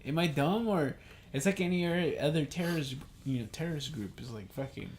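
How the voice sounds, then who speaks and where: A man's voice: on the high side, expressive, a little fast, a little mellow, slight background noise. A young man co-hosting a casual podcast chat, ranting heatedly and swearing a lot. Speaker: podcast co-host.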